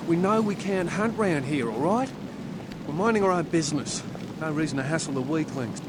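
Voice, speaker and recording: An actor with an Australian accent playing a weary young male surfer who has become a vampire, talking bluntly and roughly in a video game. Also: fairly high pitch, expressive, moderate pace, close to an everyday voice. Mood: gruff. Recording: loud background noise.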